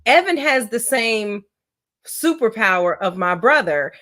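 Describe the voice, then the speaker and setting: A woman's voice: on the high side, very animated, measured pace, fairly bright tone. A middle-aged woman hosting a casual family livestream, talking with her kids in a teasing, motherly way. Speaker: host.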